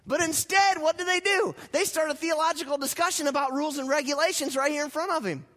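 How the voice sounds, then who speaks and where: A man preaching a sermon to his church, moving between loud emphatic passages and quiet, intense ones, and leading the congregation in call-and-response. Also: extremely high pitch, fast, few pauses. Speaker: pastor.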